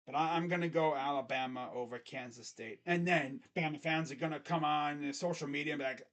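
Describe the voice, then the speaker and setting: A man's voice: fairly high pitch, brisk, hardly any pauses, a bit bright. A man hosting his own channel, giving casual sports predictions in a rambling, self-correcting way. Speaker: host. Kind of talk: casual sports picks commentary.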